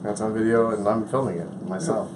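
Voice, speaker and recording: A man's voice: lowish voice, fairly quick, background noise. A man talking in casual chat, earnest and a bit apologetic.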